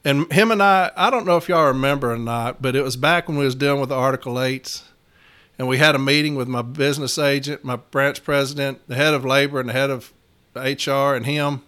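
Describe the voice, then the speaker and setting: A man's voice: medium pitch, steady tone, brisk, bright, forceful tone, smooth. A man who is a union shop steward, telling a work story to his viewers in a blunt, profane, emphatic way and often addressing them directly. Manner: folksy, addresses listeners as y'all.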